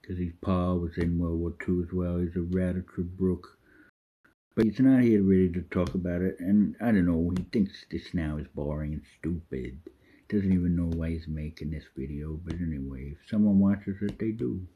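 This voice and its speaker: A man's voice: low-pitched, steady tone, moderate pace, breathy edge, phone-quality sound. A man talking about himself in the third person in a rambling, profane monologue. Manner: swears freely, drifts off topic. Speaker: vlogger.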